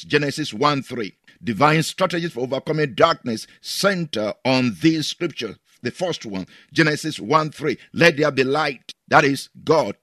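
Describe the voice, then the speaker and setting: A man's voice: medium pitch, fairly bright tone, no room sound, clean studio sound. A man preaching as a pastor, repeating each line with emphasis and leading the listener through prayers. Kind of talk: prayer sermon.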